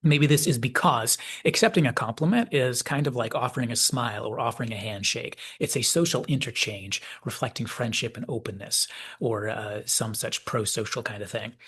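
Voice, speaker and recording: A man hosting a video essay, giving measured, reflective commentary and reading out quoted dialogue. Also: mid-range voice, a bit bright, breathy edge. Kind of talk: analytical commentary.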